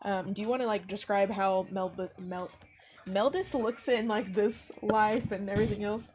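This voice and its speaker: A woman's voice: medium pitch, fairly even intonation, moderate pace, darkish tone. A young woman running a tabletop game as game master, narrating in a rambling way with many fillers. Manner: rambling, with frequent fillers and laughs.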